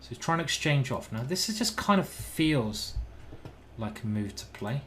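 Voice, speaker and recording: A man's voice: mid-range voice, big pitch swings, normal speed, fairly bright tone, a little hiss or hum. A man giving casual live-stream chess commentary, thinking aloud and chatting with his viewers. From United Kingdom.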